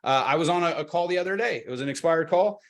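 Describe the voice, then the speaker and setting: A man's voice: on the high side, quick pace. A man giving a live sales training webinar, talking casually and acting out short exchanges between agent and client. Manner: energetic, conversational, acts out seller and agent lines. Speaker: real estate sales trainer.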